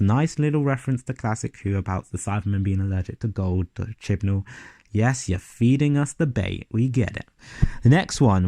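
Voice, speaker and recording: A man's voice: medium pitch, dark tone, dry recording. A man giving a casual, sarcastic and profane review of a TV episode.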